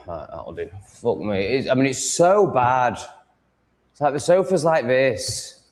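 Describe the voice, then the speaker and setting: A man's voice: medium pitch, very animated, slow pace, darkish tone. A man vlogging at home, swearing a lot as he rants in a casual, exasperated monologue. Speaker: vlogger setting up a live stream.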